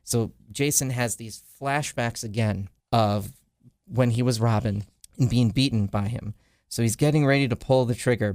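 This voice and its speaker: A man's voice: medium pitch, a little mellow, no room sound, studio quality. A man hosting a podcast, casually retelling a comic storyline with lots of "uh" fillers. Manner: rambling retelling with frequent "uh" fillers. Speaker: podcast host.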